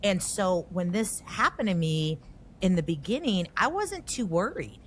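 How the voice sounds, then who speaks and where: A podcast host speaks in a fairly low-pitched voice at a measured pace, with slight background noise. Her talk is candid and conversational, and she becomes more animated as she tells the story, her emotion rising.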